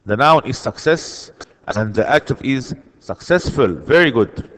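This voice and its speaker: A man's voice: on the high side, long reverb tail. A man teaching an online English lesson, patiently repeating key words and answers.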